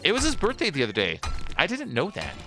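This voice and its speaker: A man's voice: high voice, wildly swooping pitch, fast, over music. A man chatting casually while playing a game, joking around and throwing out rhetorical questions.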